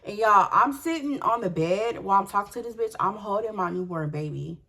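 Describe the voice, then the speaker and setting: A young woman telling viewers a story in an animated, profane way and speaking straight to them. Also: mid-range voice, a little fast, gravelly. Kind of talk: storytime vlog.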